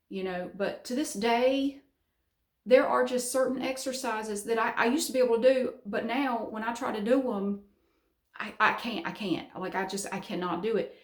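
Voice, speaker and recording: Rambling middle-aged Southern woman vlogging. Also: medium pitch. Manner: rambling, frank, swears casually. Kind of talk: casual chat to camera. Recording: roomy echo.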